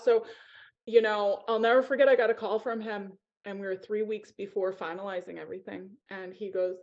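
A woman opens up about her life as a podcast guest, speaking in an emotional, candid way with plenty of "um" and "like." Her voice comes through a muffled, lo-fi line that dulls the highs. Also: steady tone, brisk, darkish tone. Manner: emotional, open, lots of "um" and "like". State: teary-eyed. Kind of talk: heartfelt personal storytelling. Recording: dull lo-fi sound.

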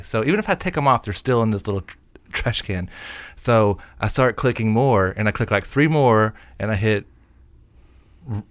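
A middle-aged man hosting a show, casually telling a rambling story that gets animated in the retelling. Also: lowish voice, fairly quick. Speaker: radio show host. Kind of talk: casual chat.

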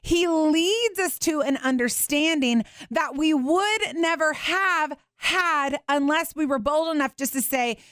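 A woman, hosting a faith radio show and podcast in a chatty, animated way with frequent laughter. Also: high-pitched, measured pace, few pauses, no echo, studio quality. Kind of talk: casual faith talk.

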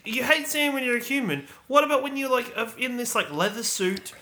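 A man co-hosting a podcast in casual chat, excitable and jokey, riffing in a mocking tone. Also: very high-pitched, fairly quick, slight background noise. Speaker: podcast co-host.

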